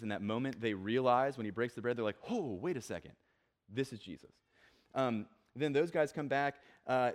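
A man preaching a sermon in a relaxed, conversational way, with many fillers, and acting out the people he quotes in a lower, offhand voice. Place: church.

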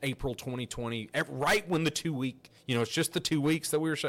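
A man hosting a podcast, telling a story in a casual, animated, rambling way with frequent restarts. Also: on the high side, fast. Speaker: podcast host.

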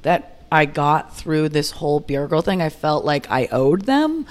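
A woman's voice: sits low, very animated, measured pace. A young woman hosting her own podcast alone, chatting in an upbeat, rambling way with fillers and restarts. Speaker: podcast host. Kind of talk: solo podcast chat.

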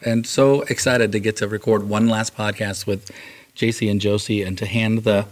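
A man's voice: on the low side, fairly even intonation, moderate pace. Upbeat male choir teacher hosting. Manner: upbeat, laughs often, filler-heavy. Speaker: choir teacher and podcast host. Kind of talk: casual podcast chat. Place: school choir room.

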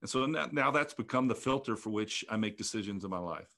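A man in his fifties, a ministry leader, telling a personal testimony in an earnest, reflective way, often halting and restarting. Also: fairly low pitch, lively intonation, bright, forceful tone.

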